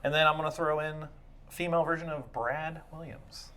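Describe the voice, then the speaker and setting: Blunt crude podcast host. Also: male voice, on the high side, fairly even intonation, moderate pace, sharp tone, slight background noise. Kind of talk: casual podcast banter.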